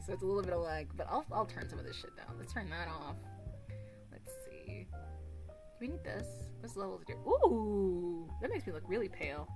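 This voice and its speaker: Woman streamer, casual livestream chat, crude and giggly, mid-pitched voice, faint music behind. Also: a bit bright. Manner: rambling, crude, self-mocking, giggly.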